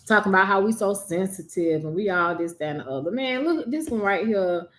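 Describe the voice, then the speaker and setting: A woman's voice: medium pitch, expressive, a little fast. A woman, co-hosting a casual chat in a blunt, teasing way. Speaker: podcast co-host.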